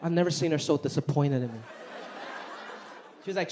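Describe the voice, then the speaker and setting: A male stand-up comedian performing live on stage, with a punchy, animated delivery full of voice impressions. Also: fairly high pitch, fairly quick, pauses often. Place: stage in front of a live audience. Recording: noisy live stand-up recording.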